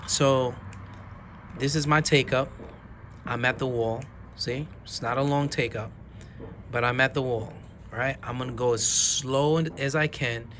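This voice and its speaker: A man reviewing handguns in a rambling, enthusiastic way, dropping almost to a whisper while he slowly pulls each trigger. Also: medium pitch, pushed and bright, a little hiss or hum. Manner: drops to a near whisper during slow trigger pulls. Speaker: gun reviewer. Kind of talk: casual product demo.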